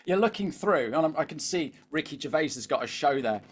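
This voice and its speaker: A chatty British man coaches a live webinar as a LinkedIn coach, repeatedly asking the audience "all right?" His fairly high, husky voice is expressive and fairly quick.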